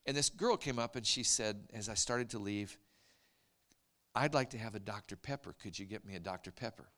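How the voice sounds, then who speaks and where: Earnest, soft-spoken preacher man telling a story. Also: lowish voice, brisk. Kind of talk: sermon storytelling. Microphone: handheld mic, later set aside to talk loud off-mic.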